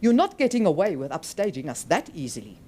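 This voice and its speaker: A woman's voice: fairly low pitch, big pitch swings, fast, warm tone, slight background noise. Woman doing a sneering, menacing male musician. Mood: taunting.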